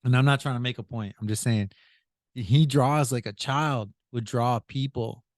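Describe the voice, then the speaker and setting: A man's voice: mid-range voice, normal speed, dry recording, clean studio sound. A male podcast host telling a rambling, casual story, stacking up "I said" and laughing as he goes. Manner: retells with many "I said", laughs often.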